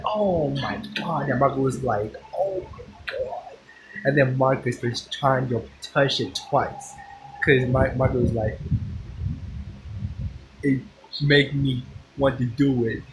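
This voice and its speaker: A man giving a casual movie review, rambling excitedly with many restarts and some swearing. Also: medium pitch, background noise.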